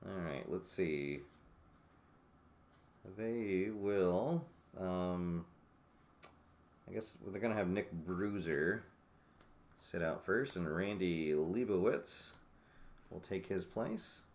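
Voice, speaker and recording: Slow, low-voiced man calling a tabletop derby game. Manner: slow, musing commentary with many fillers, bursts of excitement. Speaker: host playing a tabletop roller derby game. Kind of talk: play-by-play commentary of a solo game.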